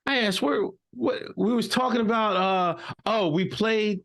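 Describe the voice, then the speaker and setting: A middle-aged man co-hosting a comedic podcast, teasing his co-host with mock accusations in lively banter. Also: high voice, unhurried.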